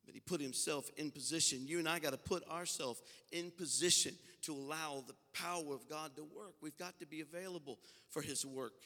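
A man's voice: on the high side, brisk, hardly any pauses. A man, a senior pastor, preaching a Pentecostal sermon with impassioned fervor and a folksy, storytelling way of talking. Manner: impassioned preaching that swells into loud, fervent passages; folksy, conversational storytelling between climaxes. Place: church sanctuary. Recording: long hall reverb from a large sanctuary.

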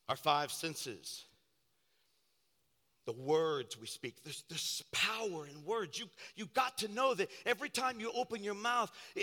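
A man's voice: sits high, sharp tone, in a large hall. A man preaching a fervent, repetitive sermon as pastor.

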